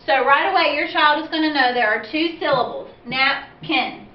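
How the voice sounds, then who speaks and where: A high-voiced woman teacher walks parents through the reading steps one at a time, clear and patient. She sounds a little far from the mic, in a room with plenty of echo, and the recording is slightly dull. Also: brisk. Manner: clear, patient, step-by-step explaining. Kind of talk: instructional video for parents. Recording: roomy, distant, dull-sounding classroom recording.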